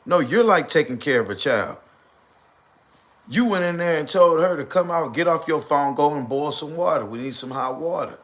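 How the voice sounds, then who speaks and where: Animated man on a casual livestream. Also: fairly high pitch, normal speed. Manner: animated, repeats lines for emphasis. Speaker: live streamer. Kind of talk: casual live-stream commentary.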